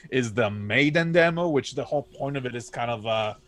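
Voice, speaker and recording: A man in casual podcast chat, relaxed and meandering. His pitch sits in an ordinary middle range, and he pads his sentences with easy fillers as he describes things. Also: fairly quick. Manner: laid-back, rambling with many fillers. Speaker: podcast guest, game developer.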